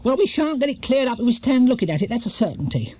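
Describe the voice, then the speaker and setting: Stern, brisk storybook housekeeper, a male reader putting her on: high, bossy, husky. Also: sing-song, mellow, no echo, heavily acted.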